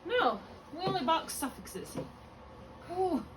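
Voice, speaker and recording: A woman's voice: very high-pitched, very animated, slow pace, crowd noise. A woman tutoring a student one-on-one in phonics. She explains step by step and often stops to correct herself. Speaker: reading tutor. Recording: distant mic with faint room noise.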